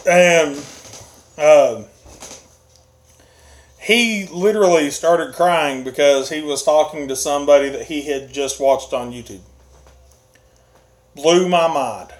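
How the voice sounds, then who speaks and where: A man's voice: a little high, takes it slowly, pauses often. A man hosting a casual live stream, chuckling often as he reads out viewer comments. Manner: chuckles often while reading comments aloud. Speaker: livestream host reading chat.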